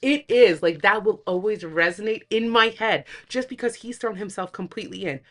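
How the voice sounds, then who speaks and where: A woman's voice: medium pitch, fairly quick. A woman co-hosting a casual podcast chat, talking animatedly and quoting movie lines in acted voices. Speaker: podcast co-host.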